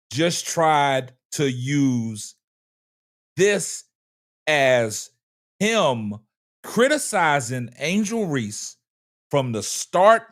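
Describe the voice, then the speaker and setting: Man, lively pitch, slow deliberate delivery, incredulous, dramatic emphasis. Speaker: co-host. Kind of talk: casual panel talk.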